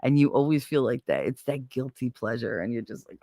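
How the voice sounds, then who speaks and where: A livestream host chats casually with a live audience, telling stories bluntly and animatedly and swearing plenty. His medium-pitched voice moves briskly, and the recording is dry and studio quality.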